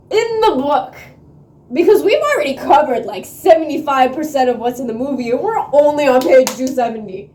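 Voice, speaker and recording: A woman vlogging about a book she's reading, excitable and slangy, swearing freely and laughing often, recorded on a phone. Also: sits high. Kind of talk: casual reading vlog chat. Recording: echoey room on a phone mic.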